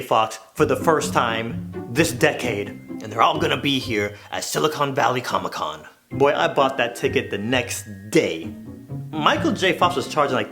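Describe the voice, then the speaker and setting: Lively animated male storyteller. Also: medium pitch. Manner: animated, jumps into loud exaggerated impressions. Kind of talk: casual comedic storytelling.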